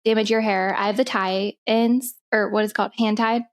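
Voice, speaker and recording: A woman's voice: mid-range voice, fairly even intonation, brisk. A young adult woman co-hosting a casual podcast, chatty and giggly as she reads out listener submissions. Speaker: podcast co-host. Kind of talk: casual chat.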